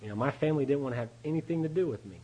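A man's voice: mid-range voice, expressive, rapid-fire, warm tone, breathy edge, rough recording. A man speaking at a recovery meeting, giving a candid personal testimony, storytelling and chuckling often.

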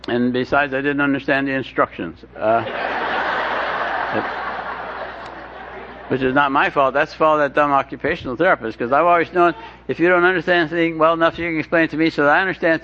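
A man's voice: on the high side, quick pace, sharp tone, some chatter behind. A man telling his recovery story with wry, self-deprecating humor, often stumbling and restarting his sentences. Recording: dull lo-fi recording with faint hiss.

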